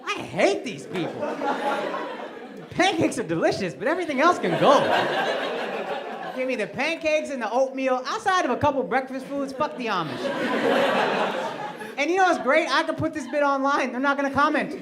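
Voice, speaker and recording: A man's voice: extremely high pitch, very animated, unhurried, long pauses. A male stand-up comedian doing crowd work on a club stage, brash and profane as he mocks people in the audience. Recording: loud crowd laughter, noisy live club.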